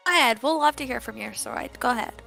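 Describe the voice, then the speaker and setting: A woman's voice: on the high side, quick pace, vocal fry, bright, forceful tone, faint music behind. A woman player in a tabletop game who speaks in a teasing, direct way.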